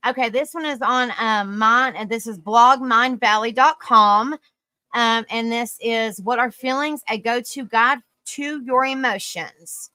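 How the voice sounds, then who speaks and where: Tired, bright-voiced woman live streamer. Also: on the high side, measured pace, no room sound. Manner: affectionate toward viewers, calls them sweetie and honey; stumbles over hard words and laughs at herself. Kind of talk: reading an article aloud to a live chat.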